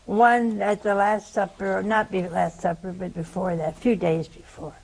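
A woman's voice: flat delivery, moderate pace, vocal fry, darkish tone, poor audio. An older woman with a Southern American accent preaching a sermon, telling a story and asking rhetorical questions. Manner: storytelling, rhetorical questions, pitch swings for emphasis.

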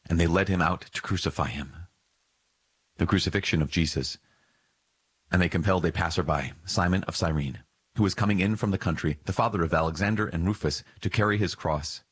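A man with a very deep, husky voice reads scripture aloud in a measured, solemn way. The recording is dry and close, with no room sound. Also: dry recording. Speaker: scripture reader.

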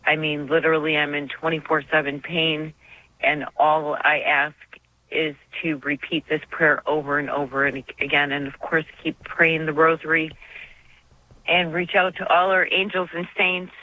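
A woman's voice: low-pitched, little pitch movement, moderate pace. A woman calling in to a radio show, earnest and near tears as she speaks. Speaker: caller. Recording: tinny phone line.

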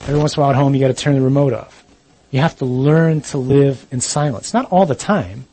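Husky, earnest preaching man. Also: mid-range voice, fast, mellow, poor audio. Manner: earnest, blunt, with joking asides; talks straight to the listener. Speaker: Catholic priest. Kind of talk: sermon-style talk on chastity.

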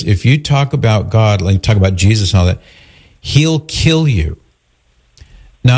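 A man with a low voice hosts a call-in radio program. He tells a long personal anecdote and shifts his voice to act out the people he quotes. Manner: storytelling, animated when quoting others. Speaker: radio show host.

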